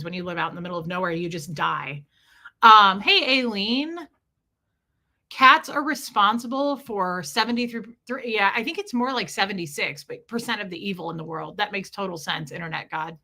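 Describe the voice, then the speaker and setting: A woman's voice: medium pitch, bright, forceful tone. A woman chatting casually on a livestream, rambling from story to story and greeting viewers by name.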